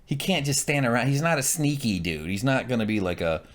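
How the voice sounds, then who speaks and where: A man's voice: medium pitch, brisk. A man co-hosting a casual shot-by-shot recap, joking, swearing and mimicking characters as he talks. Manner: animated, joking, voices characters mid-sentence, profane. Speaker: podcast co-host.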